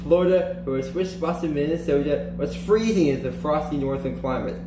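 Male storybook reader, animated delivery with slowed emphasis, voice on the higher side, echoey room with faint hiss. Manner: animated, slows and lifts pitch for emphasis and character lines. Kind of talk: children's storybook read-aloud.

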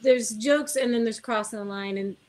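A woman's voice: a little high, moderate pace. A middle-aged woman, a guest car builder, telling anecdotes in a casual interview and acting out the dialogue. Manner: animated anecdote telling, acts out dialogue, laughs often.

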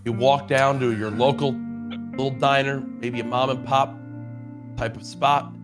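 A young man at mid pitch paints a scene with slow, playful detail and crude jokes. He speaks as a gamer in casual storytelling, with music playing underneath. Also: steady tone. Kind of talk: playful storytelling during a game.

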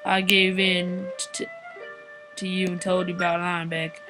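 A woman voicing a frail, grumbling old grandfather in a breathy whispered role-play. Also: fairly low pitch, level tone, moderate pace, close to an everyday voice, poor audio. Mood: grave. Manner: fussy, grumbling elder. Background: game music.

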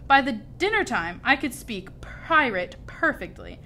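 A woman reading a children's story aloud with expressive, lively storytelling. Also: fairly high pitch, a little slow, faint music behind. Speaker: storybook reader.

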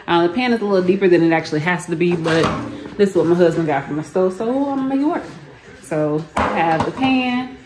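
A woman's voice: on the low side, darkish tone. A young woman with a Southern US accent, chatting casually to the camera as she cooks in her home kitchen. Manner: chatty, talks to camera while cooking. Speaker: home cook, vlogger. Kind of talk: casual cooking chat. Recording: background noise in a home kitchen.

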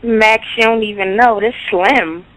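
A woman's voice: medium pitch, measured pace, fairly bright tone, no room sound, poor audio. A woman calling in to a radio show, talking in a sultry, affectionate, slangy way. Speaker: caller.

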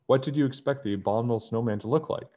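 A man's voice: medium pitch, rapid-fire, dark tone, lo-fi sound, voice pushed up, lightly acted. A man voicing a chatty, jokey male museum guide in a storybook read-aloud, pleased with his own jokes.

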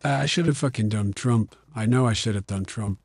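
A man's voice: lowish voice, brisk, darkish tone, slightly rough, dry recording, faint music behind, voice pushed down. A man with a Yorkshire accent using an AI voice changer to voice a rambling, forgetful old American politician while commentating a game. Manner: mumbly, meandering. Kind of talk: gaming commentary in a put-on voice.

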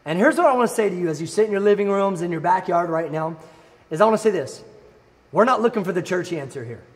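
High-voiced excitable young male youth preacher. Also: fast. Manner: energetic, animated storyteller, bursts of excitement. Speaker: youth pastor. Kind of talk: youth sermon with personal story. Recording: long reverb hall.

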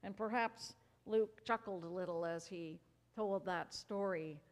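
A woman minister reading scripture as an expressive story, then preaching with measured pauses. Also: mid-range voice. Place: church sanctuary. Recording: reverberant church hall.

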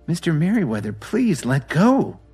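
A frightened young woman, tearful and pleading, as a man puts her on in a storytelling audio drama. Her voice is raised and husky, and it swoops up and down in desperation. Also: a little high, big pitch swings, moderate pace, darkish tone, soft background music, pitched above the performer's own voice, exaggerated voice.

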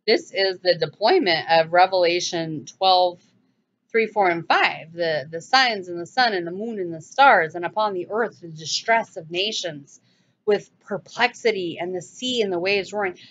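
A woman giving a casual, animated bible teaching, rambling with restarts and sudden exclamations. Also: lowish voice, normal speed, highs cut off.

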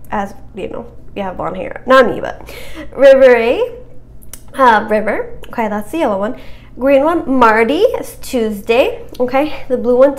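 A cheerful young woman walking through a French vocabulary quiz in a casual, chatty way, encouraging herself and stumbling over hard words. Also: sits high.

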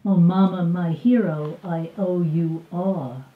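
Older woman reading her memoir aloud. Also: fairly low pitch. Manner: measured, expressive reading with voiced dialogue. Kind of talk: live book reading. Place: bookstore reading event. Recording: roomy, distant, dull live recording.

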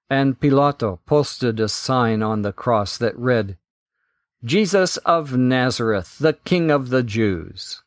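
A man hosting a Bible podcast, reading scripture in a measured, deliberate way. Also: mid-range voice, dry recording, studio quality.

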